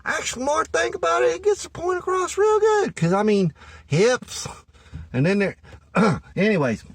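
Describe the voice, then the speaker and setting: A man's voice: very high-pitched, expressive, moderate pace, no room sound. A man playing a folksy Southern good ol' boy with a Southern US accent, rambling through dating advice in a comedic monologue. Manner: rambling, folksy, full of "you know".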